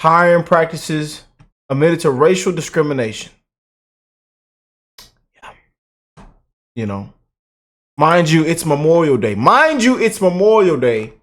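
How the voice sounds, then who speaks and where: A man hosting a reaction channel, giving heated political commentary in an animated, exaggerated way, swinging between loud outrage and low mock-pleading mutters. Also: a little slow, long pauses.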